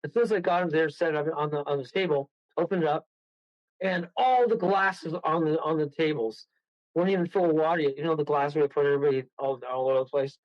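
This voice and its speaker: A man with a slightly high voice tells a story as a radio show guest. He rambles, laughs often and keeps restarting his sentences. The sound is dull, dry and lo-fi. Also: fast talker, no room sound. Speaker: guest medium.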